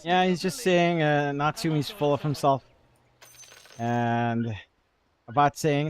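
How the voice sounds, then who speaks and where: A man's voice: fairly high pitch, steady tone, takes it slowly, pauses often, clear, resonant tone. A man casting a live video game match, breaking down lanes and items in a chatty, analytical way and joking with his co-caster. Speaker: esports caster. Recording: music in the background.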